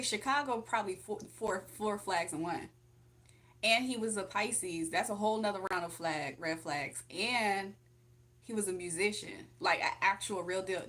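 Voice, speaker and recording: A woman's voice: mid-range voice, fairly bright tone. A young woman hosting a casual livestream from home, chatting, laughing often and reading comments aloud. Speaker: livestream host.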